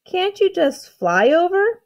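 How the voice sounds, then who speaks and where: A woman's voice: very high voice, very animated, slow, pitched above the performer's own voice, exaggerated voice. A woman voicing a kind, brave young girl who asks earnest, curious questions in a storybook read aloud.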